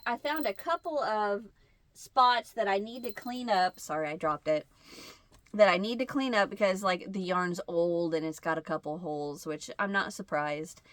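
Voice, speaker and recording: Bright, chatty Midwestern woman. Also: dry recording. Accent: Midwestern American. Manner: rambling storytelling, acts out dialogue in a higher voice. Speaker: crochet channel host. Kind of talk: casual chat to camera.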